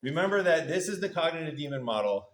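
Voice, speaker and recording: A man's voice: fairly high pitch, sing-song, fast, fairly bright tone. A male university lecturer giving a casual classroom lecture, playfully acting out little voices for the parts of a model. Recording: echoey room.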